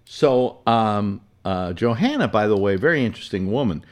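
Guy telling an old story, lots of ums and restarts, voice sits a bit low but swings around a lot. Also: lively intonation, normal speed. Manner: rambling, with many fillers and self-corrections. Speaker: storyteller recalling personal memories. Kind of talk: casual storytelling.

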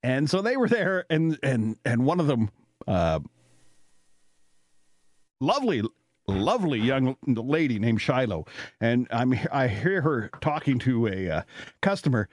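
Rambling, animated Canadian man host. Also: mid-range voice, unhurried, long pauses, no echo, studio quality. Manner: rambling, animated, laughs often, many fillers. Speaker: radio talk show host. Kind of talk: casual storytelling chat.

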